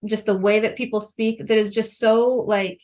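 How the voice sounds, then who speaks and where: A woman's voice: medium pitch, steady tone, normal speed, a little mellow. A woman from the Missouri Ozarks co-hosting a podcast, chatting casually about a book in a rambling way with many fillers. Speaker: podcast co-host.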